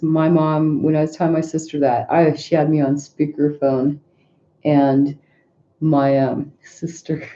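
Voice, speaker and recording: A middle-aged woman talks casually in a very dark, mellow voice, circling back with restarts and asides as she tells a story. The recording sounds dull and lo-fi. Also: low voice. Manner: rambling, frequent restarts and asides. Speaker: tarot reader.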